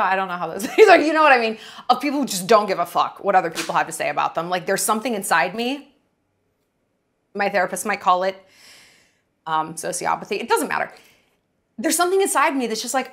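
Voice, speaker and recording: A woman's voice: medium pitch, animated, brisk, long pauses, a bit bright. A woman in her thirties talking to camera in a casual travel vlog, brash, playful and blunt, with frequent swearing. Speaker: travel vlogger.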